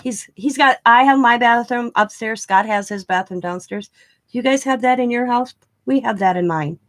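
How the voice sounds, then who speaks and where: A woman's voice: a little high, moderate pace, a bit bright. A middle-aged woman chatting casually to her viewers, rambling and laughing often as she tells stories. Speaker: craft vlogger. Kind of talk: casual storytelling chat.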